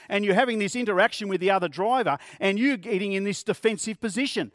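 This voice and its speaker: A man's voice: high voice, fast, a bit bright, no room sound, clean studio sound. A man preaching a sermon as pastor, earnest and plain-spoken, using vivid everyday examples.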